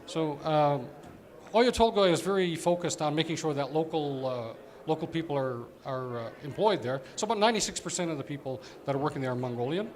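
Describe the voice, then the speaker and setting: Man, conference speaker, fairly high voice, conversational, explanatory. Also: fairly quick. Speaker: conference speaker, operations executive. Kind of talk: conference presentation.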